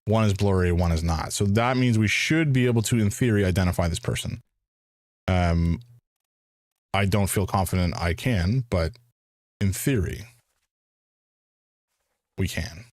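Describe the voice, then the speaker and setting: A man's voice: low voice, unhurried, pauses often, darkish tone, no echo, studio quality. A man streaming a first playthrough of a detective game, thinking aloud in a hesitant way with frequent restarts. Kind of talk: casual live game commentary.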